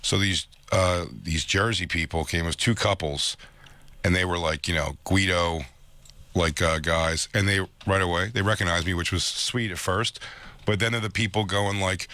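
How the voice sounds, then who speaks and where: A man's voice: deep voice, steady tone, moderate pace, pushed and bright, dry recording. A man hosting a radio talk show, telling a rambling, profane story in casual chat. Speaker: radio show host and comedian.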